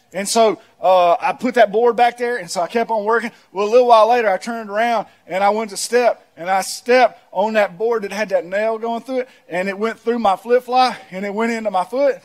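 A male pastor preaching a sermon in a church, telling humorous stories, leading the congregation in call-and-response and rising to shouts. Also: sits high. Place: church auditorium.

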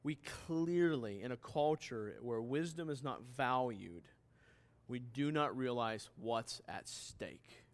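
A man's voice: medium pitch, lively intonation, slow pace. A man preaching a sermon as pastor, emphatic and putting questions straight to his listeners.

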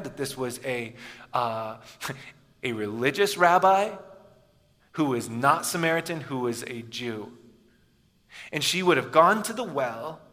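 A man preaching a sermon, telling a story and often dropping to a quiet, soft voice for emphasis. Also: medium pitch. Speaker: pastor. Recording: echoey hall with long reverb.

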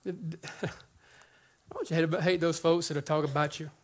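High-voiced man preaching a lively sermon. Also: takes it slowly. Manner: conversational, joking, repeats words when excited. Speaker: pastor.

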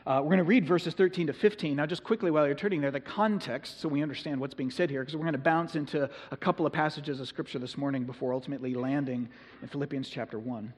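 An earnest male pastor preaches in a conversational way and slows down to stress his points. His voice sits a little high for a man. It rings with the long reverb of a large hall. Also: fairly even intonation, breathy edge. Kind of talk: sermon.

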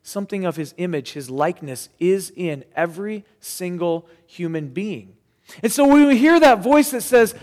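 A man's voice: high voice, animated, moderate pace, big-room sound. A man preaching a sermon as pastor, earnest and conversational with casual asides, in a church sanctuary.

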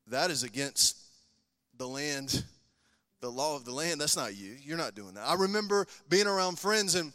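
A man preaching a passionate sermon as pastor, telling his own testimony and swinging between loud bursts and hushed lines. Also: fairly high pitch, animated, normal speed, long reverb tail.

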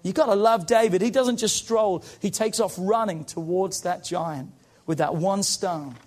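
Guy preaching, high voice, gets loud then drops way down soft, lots of "come on". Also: unhurried. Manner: impassioned, rising and falling preaching with call-outs. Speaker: pastor. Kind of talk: sermon.

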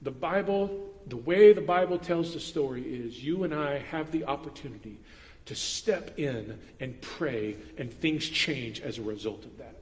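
A man's voice: mid-range voice, a little slow, in a large hall. A man preaching an earnest sermon as pastor, stressing points with repetition.

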